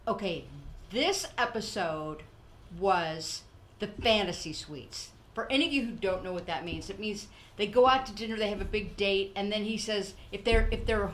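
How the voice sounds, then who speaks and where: An older woman with a medium-pitched voice hosts a podcast, chatting casually and animatedly acting out what people said. She laughs often, and there's a little hiss or hum in the audio.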